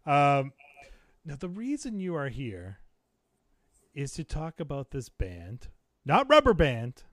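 A man's voice: fairly high pitch, no room sound, clean studio sound. A man hosting a casual podcast, joking and laughing often as he chats with a guest. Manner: jokey, laughs often, lively banter. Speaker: podcast host; teacher.

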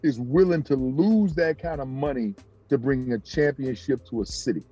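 Husky-voiced man telling a lively story. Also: normal speed, muffled recording, soft background music. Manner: animated, jumps high in pitch when acting out people. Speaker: former pro basketball player, interview guest. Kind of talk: casual storytelling in an interview.

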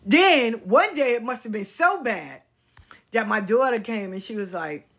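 A woman's voice: on the high side, animated, unhurried, fairly bright tone, slightly rough. A middle-aged woman talking bluntly in a personal commentary vlog, swearing and repeating words for emphasis. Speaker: vlogger. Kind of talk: candid personal commentary monologue.

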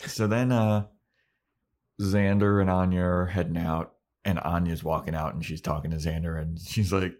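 A young man co-hosting a podcast, chatting casually and animatedly acting out characters' lines as he recaps an episode. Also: sits low. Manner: animated, acts out characters' lines in quick voices. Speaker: podcast co-host. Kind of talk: casual chat recapping a show.

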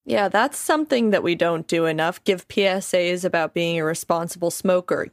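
A woman's voice: on the low side, normal speed, few pauses, no room sound. A woman co-hosting a casual podcast with dry, wry remarks. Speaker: podcast co-host. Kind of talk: casual chat.

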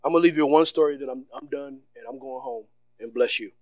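A man preaching a sermon as pastor, loud and animated, with casual slang and repetitions, swinging between shouts and soft, low passages. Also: fast talker, vocal fry, dry recording.

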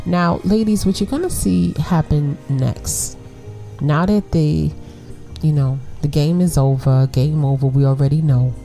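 A woman in her forties with a low, warm-toned Brooklyn voice hosts a casual podcast for women. She talks conversationally, laughs often and keeps asking her listeners "right?", while faint music plays behind her. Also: a little slow, creaky. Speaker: podcast host.

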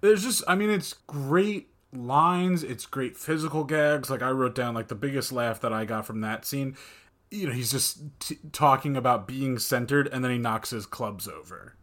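Eager, excited man talking movies. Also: mid-range voice, moderate pace. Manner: enthusiastic, trails off and restarts. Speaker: podcast co-host. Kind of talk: casual film discussion.

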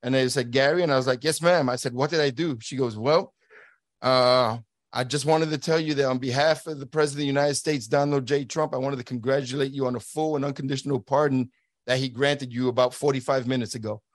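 A middle-aged man speaks as an interview guest, in a voice of ordinary pitch, recorded dry and close with no room sound. He tells his story earnestly, acts out what others said, and stumbles over repeated words. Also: steady tone, fast talker, dry recording. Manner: earnest, acts out quoted dialogue. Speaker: guest, former border agent. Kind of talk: conversational storytelling.

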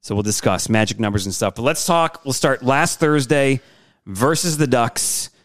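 A man's voice: medium pitch, normal speed. A man in his thirties co-hosting a casual sports podcast, joking and bantering as he tells stories. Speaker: podcast co-host.

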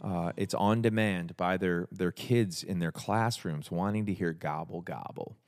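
A man hosting a podcast, chatting casually with a guest and telling stories, sinking into a low confiding tone for anecdotes. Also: lively intonation, unhurried, vocal fry, no echo. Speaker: podcast host. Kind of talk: casual chat and storytelling.

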